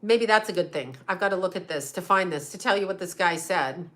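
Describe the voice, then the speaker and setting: A middle-aged woman, a psychic medium, ranting on a livestream with angry, profane, rapid-fire questions aimed at a critic. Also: on the low side, fairly bright tone. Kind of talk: heated livestream rant to viewers.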